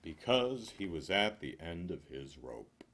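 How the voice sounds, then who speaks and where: Slow deadpan male joke reader with a lively, swooping delivery and dry asides. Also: sits low. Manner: deadpan, dry asides, chuckles at own jokes. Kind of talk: reading jokes aloud with asides.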